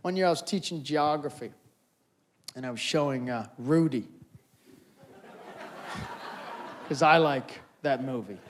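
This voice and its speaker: A man performing stand-up comedy on a stage, animated and acting out scenes. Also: medium pitch, slow, pauses often, a little hiss or hum. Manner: animated, acts out voices and scenes. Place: auditorium stage before a live audience.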